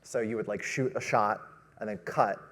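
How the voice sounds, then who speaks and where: A man's voice: fairly low pitch, steady tone, normal speed, fairly bright tone. A man in his thirties, a director of photography, talking eagerly on an expo panel with lots of fillers. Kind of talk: panel conversation. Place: stage at a trade expo. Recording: reverberant expo hall.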